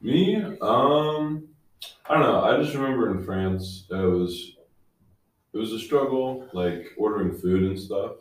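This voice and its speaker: A man's voice: lowish voice, measured pace. A young man chatting casually with a student group, hesitant and full of fillers. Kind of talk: casual chat. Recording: very echoey room, far from mic.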